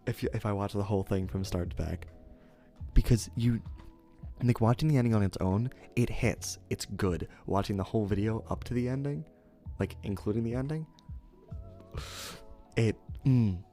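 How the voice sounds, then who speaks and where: A man's voice: on the low side, normal speed, long pauses, dark tone, soft background music. A young man streamer casually telling a story to his chat, rambling and interrupting himself, laughing at his own remarks. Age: young adult.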